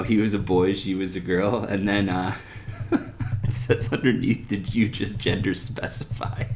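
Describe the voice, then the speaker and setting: Low gravelly guy ranting sarcastically into a desk mic, faint hiss behind. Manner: animated, sarcastic, pitch jumps on rhetorical questions. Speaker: podcast host. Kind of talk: opinion rant podcast. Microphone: desktop USB microphone.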